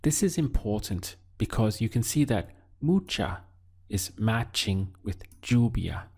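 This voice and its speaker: A man teaching a Spanish lesson, speaking deliberately and pausing so the learner can answer. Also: lowish voice, sing-song, darkish tone, husky. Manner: slow, deliberate teaching with pauses for learner practice. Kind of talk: video language lesson.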